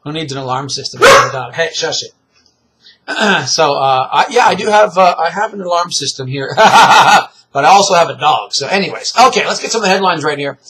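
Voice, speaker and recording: A middle-aged man giving rambling, animated religious commentary, full of fillers and chuckles. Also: fairly high pitch, fairly quick, rough recording. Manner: animated, rambling, laughs often, frequent fillers.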